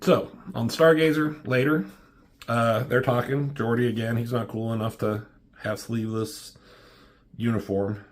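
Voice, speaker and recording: A man's voice: medium pitch, steady tone, unhurried. A man casually talking through a comic as a reviewer, offhand and swearing freely. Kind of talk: casual commentary.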